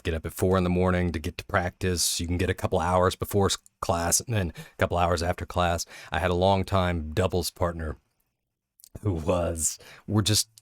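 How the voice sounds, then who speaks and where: Man, deep voice, public speaking teacher, candid personal storytelling, halting restarts, dry close sound. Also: no echo.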